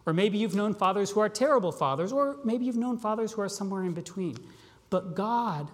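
A pastor preaching a sermon, asking rhetorical questions and slowing down on key phrases. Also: mid-range voice, expressive. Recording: long reverb of a large hall.

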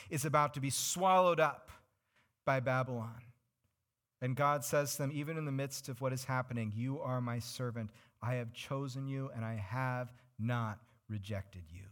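A man's voice: medium pitch, a bit bright. A male pastor preaching a sermon, earnestly explaining scripture and putting questions to his congregation.

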